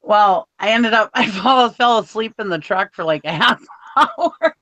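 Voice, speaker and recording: A woman's voice: mid-range voice, animated, unhurried, sharp tone, no echo. Chatty woman on a dull, lo-fi mic. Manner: rambling anecdotes full of fillers like "like". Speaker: show co-host. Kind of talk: casual chat. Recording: dull, lo-fi sound.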